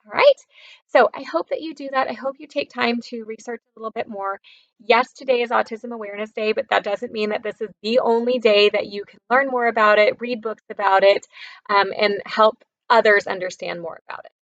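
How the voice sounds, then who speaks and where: A woman teaching children in a video lesson, gentle and patient, often checking in with them. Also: on the high side, fairly even intonation, fairly quick, no echo, dull audio. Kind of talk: talking to kids in a lesson video.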